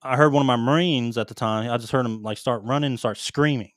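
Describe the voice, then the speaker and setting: A man's voice: medium pitch, quick pace, fairly bright tone, no echo, studio quality. A man in his thirties, a podcast co-host and former Marine, telling rambling, profane war stories in casual chat.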